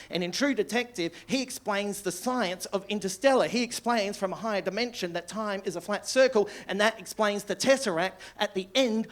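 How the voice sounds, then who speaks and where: An Australian man in his sixties doing live stand-up comedy, rambling and sweary in an excitable storytelling manner. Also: sits high, fairly quick, hardly any pauses. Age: 60s. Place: comedy club stage.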